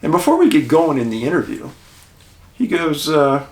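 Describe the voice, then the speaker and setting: A man telling a behind-the-scenes story about a documentary shoot, animated and chuckling, with dramatic pauses. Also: fairly high pitch. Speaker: documentary filmmaker recounting a shoot. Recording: roomy echo.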